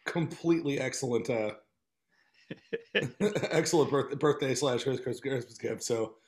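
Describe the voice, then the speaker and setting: A man's voice: medium pitch, a little slow, darkish tone. A man co-hosting a podcast, talking in a rambling, chatty way and laughing often. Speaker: podcast co-host. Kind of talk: casual podcast chat.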